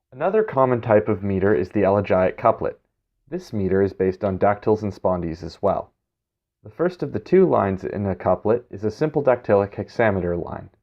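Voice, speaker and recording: A man giving a scripted educational narration in a measured, explanatory way. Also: fairly low pitch. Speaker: instructor. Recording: dull, lo-fi recording.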